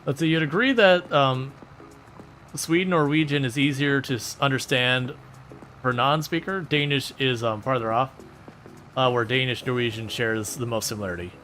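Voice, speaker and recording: Casual male streamer, bright tone, easygoing rambling chat, faint music bed. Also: mid-range voice, moderate pace. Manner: rambling, chatty, answers viewer questions. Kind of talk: casual livestream chat while playing a farming game.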